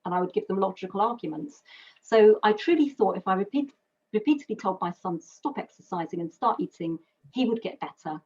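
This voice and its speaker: A woman's voice: mid-range voice, lively intonation, fairly quick, darkish tone, husky. Earnest British woman on lo-fi webinar audio. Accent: British English. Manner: earnest, personal, explains with metaphors and lists. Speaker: carer speaker. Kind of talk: webinar presentation.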